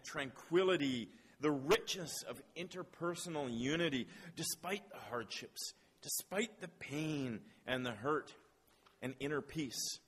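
A man with a somewhat high voice delivers a sermon. He shifts from playful banter with his listeners to earnest reflection. His voice rings out with a long reverb in a church hall. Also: a bit bright, breathy edge. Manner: playful, quizzing the audience, then earnest and reflective. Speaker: preacher.

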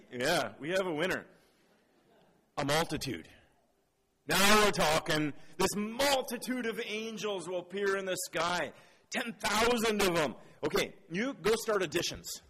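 Preacher with a higher voice in a reverberant hall. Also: male voice, fairly bright tone. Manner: playful, quizzing the audience, then earnest and reflective. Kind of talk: sermon.

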